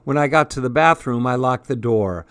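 A man narrating a first-person story in a measured, expressive audiobook style. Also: mid-range voice, smooth, no room sound.

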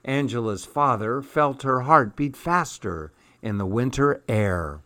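Brief: gentle male read-aloud narrator, unhurried, dry and close. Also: mid-range voice, animated, no room sound. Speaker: storyteller. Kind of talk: children's storybook read-aloud.

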